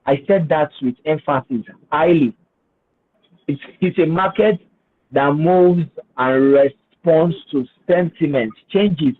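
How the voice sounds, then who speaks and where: Husky man on a tinny call line. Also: on the high side. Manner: hesitant, repeats words, then explains with emphasis. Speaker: guest speaker on finance. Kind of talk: webinar talk with screen share. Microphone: video call.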